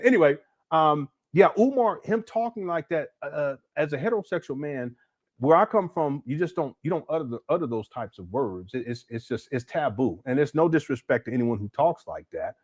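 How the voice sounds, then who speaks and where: A man's voice: fairly high pitch, animated, a little fast, a little mellow, dry recording. A man hosting a livestream, giving blunt, critical commentary and answering viewer chats, often restarting his sentences. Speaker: host.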